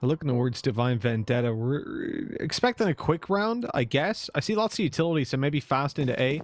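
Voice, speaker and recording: A man from Ireland with an Irish accent tinged with American, commentating an esports match with jokey banter and excited play-by-play. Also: medium pitch, fairly quick, no echo. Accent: Irish, mixed with American. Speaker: esports caster.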